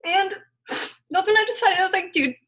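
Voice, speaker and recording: A woman's voice: very high-pitched, fairly even intonation, a little fast, a bit bright, poor audio. A young woman giving casual motivational advice in a rambling way, full of "like" and fillers. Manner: rambling, heavy use of "like". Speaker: guest network marketer.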